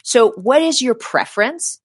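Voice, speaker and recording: A middle-aged woman who works as a healthcare provider guests on a casual interview, speaking a little slowly in a fairly high voice. She hands out advice with animated emphasis and acts out her patients' words. The recording is dry and studio quality.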